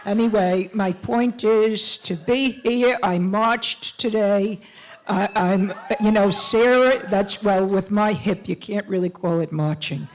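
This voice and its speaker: A woman doing a slow-talking older white lady who rambles on, tittering and tripping over herself, patronizing without meaning to, on a stage with a faint hum behind her. She keeps her pitch in an ordinary middle range. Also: natural voice, low-quality recording. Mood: chatty. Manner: rambling, tittering, self-interrupting. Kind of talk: stage character monologue. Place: stage at a town hall event.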